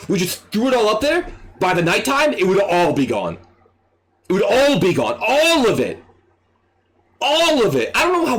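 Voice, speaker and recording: A young man tells a story casually, his voice climbing and falling with lively energy. He sits a little high in pitch for a man and acts out what people said. He swears freely. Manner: animated, excitable, swears freely, acts out quotes. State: dry throat. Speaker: streamer.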